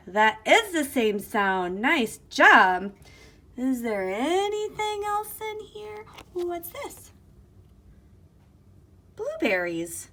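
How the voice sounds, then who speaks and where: Slow, bright-voiced woman teaching phonics. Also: high voice, very animated. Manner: slow, sing-song, encouraging. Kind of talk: online phonics lesson for young children. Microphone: device camera mic.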